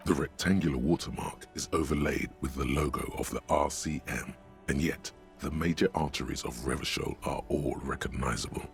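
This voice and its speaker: A man voicing a dry, calm inner-voice narrator in a game, speaking in a measured, gravelly way. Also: faint music behind. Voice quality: deep and gravelly.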